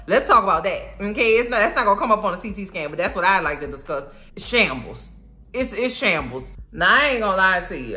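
A woman with a bright, forceful voice tells a movie plot as a comedy bit. She is loud and animated, swears freely and jumps into the characters' voices. Music plays faintly under her. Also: mid-range voice. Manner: animated and profane, acts out characters, frequent laughter. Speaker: movie reaction vlogger.

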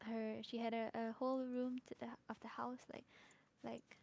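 A woman's voice: fairly high pitch, little pitch movement, moderate pace, vocal fry, a little mellow. Playful Singaporean woman chatting while gaming. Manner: playful, giggly, rambling storytelling with many fillers. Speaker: streamer. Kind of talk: casual chat while gaming.

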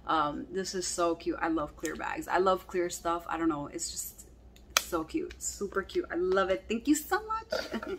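A woman vlogger chatting casually as she unboxes fan mail, gushing and excitable, calling everything cute over and over. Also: mid-range voice, a little hiss or hum.

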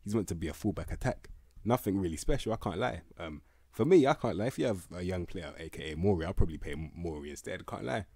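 A man's voice: deep voice, lively intonation, quick pace, mellow, husky, dry recording, studio quality. A young man, giving blunt, slangy, casual commentary on player ratings for a video. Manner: slangy, blunt, laughing, repeats "bruv" and "can't lie". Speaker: game content creator.

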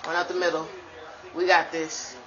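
A woman giving live commentary while playing a football video game, trash-talking her opponent and breaking into sudden high shouts. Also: flat delivery, normal speed, dull audio, crowd noise.

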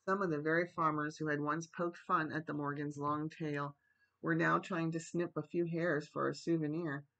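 Gravelly bright-voiced man reading a storybook. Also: on the high side, little pitch movement, moderate pace, poor audio. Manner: gentle bedtime-story reading, voicing characters lightly. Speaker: storybook reader. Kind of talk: reading a children's novel aloud.

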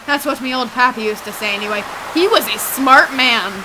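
Woman doing old pirate fisherman, pirate accent, drawling sea talk, lively swoops, rain hiss behind. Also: high-pitched, moderate pace. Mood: gruff.

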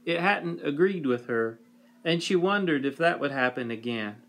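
A man reading a whimsical children's story aloud with a slow, wry delivery, sometimes clearing his throat. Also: on the high side, animated, fairly bright tone.

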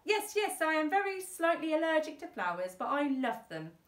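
Fussy storybook spinster aunt as a woman reads her, high gushing voice, lively swoops, roomy echo. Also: normal speed. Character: fussy eccentric spinster aunt, sneezy and proud. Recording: echoey room, distant mic.

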